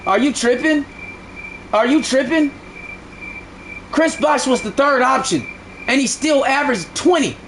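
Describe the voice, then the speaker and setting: High-voiced man ranting heatedly at chat. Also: lively intonation, unhurried, long pauses, fairly bright tone, a little hiss or hum. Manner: heated, repetitive, profane arguing. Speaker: live game streamer. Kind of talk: ranting at live chat during a stream.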